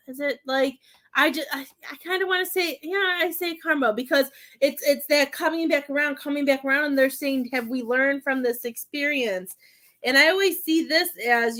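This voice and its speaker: A woman doing a psychic reading from home, with halting, repetitive speech that gives gentle advice. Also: high-pitched. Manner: halting, repeats words, soothing advice. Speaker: psychic medium. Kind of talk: live-stream spirit reading.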